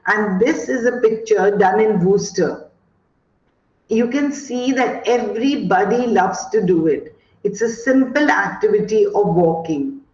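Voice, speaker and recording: A woman's voice: mid-range voice, a little mellow. A woman from India with an Indian English accent, giving an online teacher training talk and telling classroom stories with many fillers. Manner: slow, storytelling, many fillers. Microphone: video call. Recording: echoey dull video call audio.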